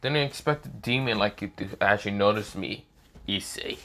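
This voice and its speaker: A man's voice: fairly low pitch, moderate pace, sharp tone. A man doing a smug teenage rival. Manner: smug and condescending.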